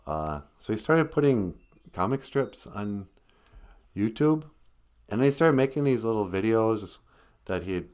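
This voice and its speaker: A man hosting a casual language livestream, chatting in a rambling, joking way. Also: on the low side.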